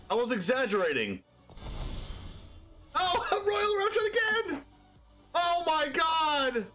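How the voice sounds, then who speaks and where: A male streamer with a very high, bouncing voice, yelping and laughing through excited card-game commentary. He stretches out his reactions, and faint music sits under him. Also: slow pace, long pauses.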